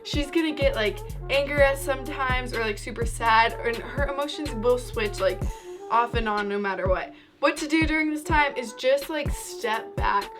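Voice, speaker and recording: A young woman talks straight to her viewers in a loose, rambling way, a little short of breath. Her voice sits a touch high. Music plays clearly under her speech. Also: moderate pace. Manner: chatty, rambling, upbeat. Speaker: vlogger. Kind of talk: casual advice vlog.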